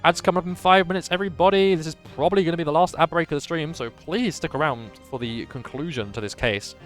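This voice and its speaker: A man's voice: a little high, quick pace, soft background music. A man streaming a game playthrough live, chatting energetically to his viewers. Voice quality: energetic, laughing.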